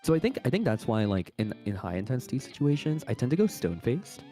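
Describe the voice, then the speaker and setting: A man's voice: medium pitch, sing-song, quick pace, dark tone, soft background music. A man guest chatting casually, telling stories in a rambling way with many laughs. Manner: rambling storytelling with frequent laughs and fillers. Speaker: guest co-host. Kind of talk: casual chat.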